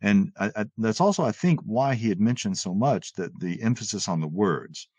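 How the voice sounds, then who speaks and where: A man discussing philosophy in casual conversation, animated and often restarting his words as he paraphrases an author. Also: on the low side, normal speed, breathy edge, dry recording. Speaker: podcast co-host.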